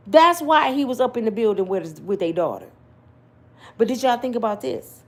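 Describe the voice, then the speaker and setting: A woman's voice: on the high side, lively intonation, moderate pace. A woman giving an emphatic, slangy opinion rant to her viewers, full of rhetorical questions. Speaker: commentary vlogger.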